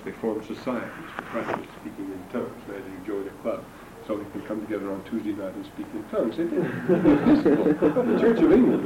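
An older man giving a classroom lecture on scripture, digressive and anecdotal with dry humor. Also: on the low side. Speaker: religion lecturer. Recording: roomy distant lecture recording with background noise.

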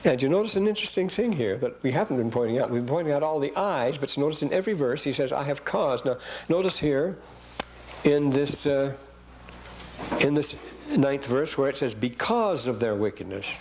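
A man's voice: mid-range voice, expressive, normal speed, darkish tone, slight background noise, poor audio. A man teaching a scripture class who reads verses aloud and keeps breaking off to comment and question the class. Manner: rambling, asks the class questions.

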